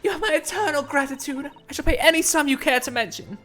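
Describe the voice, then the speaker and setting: A woman's voice: sits high, animated, fast, fairly bright tone, soft background music. A woman voicing a prim, anxious Victorian wife in a put-on accent halfway between Southern belle and British, reading game dialogue aloud. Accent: put-on mix of Southern belle and British. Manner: prim, fretful and overly formal. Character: anxious genteel Victorian wife, middle-aged.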